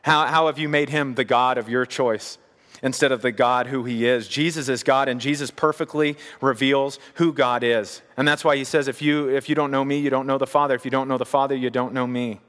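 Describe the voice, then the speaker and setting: A man's voice: mid-range voice, fairly even intonation, brisk, a bit bright. A man preaching a sermon, earnest and pleading, often repeating phrases for emphasis. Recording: reverberant hall.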